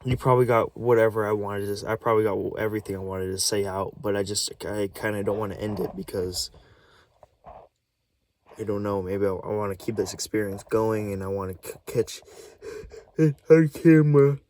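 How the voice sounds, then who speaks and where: Man, low voice, nervous, stammering, restarts words, pitch swinging up and down, casual vlog. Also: fairly even intonation, a little fast, darkish tone, slight background noise. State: nervous and shaky. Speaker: vlogger.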